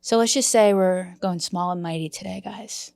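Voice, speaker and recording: A woman's voice: on the low side, normal speed, gravelly, darkish tone, dry recording, clean studio sound. Brash, throaty woman podcast host. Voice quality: throaty, frog in the voice. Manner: brash, joking, swears freely. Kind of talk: casual podcast banter.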